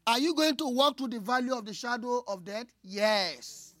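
A woman preaching a sermon, moving from hushed asides to loud, cried-out lines. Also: fairly high pitch, moderate pace, no echo. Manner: expressive, swings from hushed asides to loud cries.

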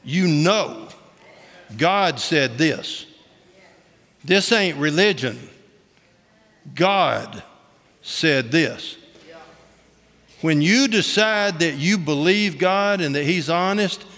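High-voiced bright folksy man preaching. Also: animated, very slow, pauses often. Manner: folksy, humorous storytelling; colloquial Southern-style grammar, "ain't". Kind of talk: testimony sermon. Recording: long hall reverb.

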